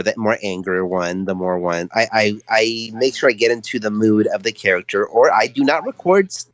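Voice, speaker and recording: A man, a fan voice actor, talking in casual stream chat in a playful, quick way with stammered restarts. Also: on the low side, no room sound, rough recording.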